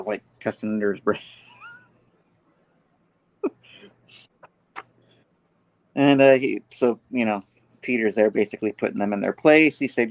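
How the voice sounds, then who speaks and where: A man hosting a show, casually recapping a comic book and quickly acting out each character's lines. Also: fairly low pitch, dry recording. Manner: animated retelling, acting out characters' lines with laughs. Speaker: host.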